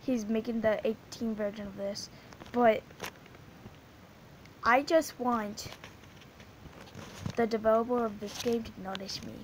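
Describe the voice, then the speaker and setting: A woman's voice: on the high side, fairly even intonation, a little slow, pauses often, slight background noise, poor audio. A female gaming channel host giving casual, rambling gaming commentary, giggling and restarting her sentences often.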